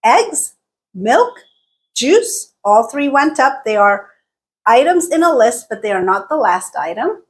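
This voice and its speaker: A woman teaching a lesson, speaking clearly and deliberately and exaggerating pitch in her example sentences. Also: animated. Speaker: English teacher. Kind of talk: explanatory lesson with spoken examples.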